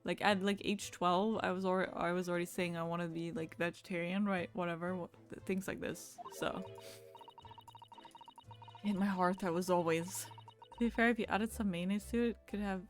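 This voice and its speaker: A woman's voice: on the low side, fairly even intonation, moderate pace, soft background music. A woman live-streaming a game in casual chat, talking with viewers, greeting them and laughing often.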